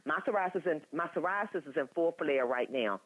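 Woman in her 60s, interview guest, animated and talkative, tinny phone line. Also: low-pitched, a little fast, faint music behind. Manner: animated, talkative, frequent laughter and restarts. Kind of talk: candid conversational storytelling. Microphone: telephone.

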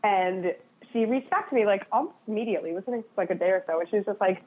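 A woman's voice: medium pitch, quick pace, slight background noise. A woman guest in a casual interview, talking in a chatty, self-deprecating way with lots of "like" fillers. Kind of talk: casual conversation. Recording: phone-like narrow sound.

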